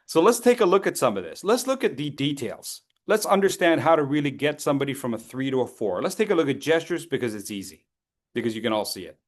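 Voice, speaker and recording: Animated male speech coach, playful. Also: medium pitch, quick pace. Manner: animated, playful, acts out students and sound effects. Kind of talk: lively training talk.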